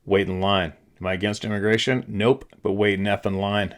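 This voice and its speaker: A man's voice: fairly low pitch, level tone, fairly quick. A middle-aged man from Canada, hosting his channel, delivering a frustrated, profane ranting monologue. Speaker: channel host.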